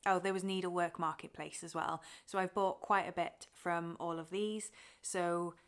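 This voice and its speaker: A woman's voice: on the low side, fairly even intonation, normal speed, clear, resonant tone. A young woman from Wales chatting casually to camera about her cross-stitch, talking openly and getting emotional, with fillers and laughs.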